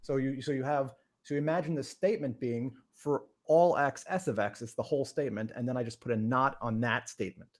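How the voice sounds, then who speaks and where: A man hosting a podcast, explaining logic in a casual, halting way with frequent restarts and a playful tone. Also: medium pitch. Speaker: podcast host teaching logic. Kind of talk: casual teaching on a live stream.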